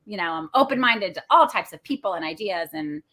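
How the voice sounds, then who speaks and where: Animated woman chatting on a podcast. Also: medium pitch, brisk. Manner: animated, acts out quoted thoughts, laughs often. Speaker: guest, playwright and theater founder. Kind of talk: casual podcast conversation.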